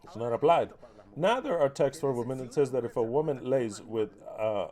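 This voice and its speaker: A man's voice: medium pitch, lively intonation, normal speed, dark tone. A man preaching a heated sermon, mocking and cursing as he fires off rhetorical questions. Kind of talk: impassioned sermon.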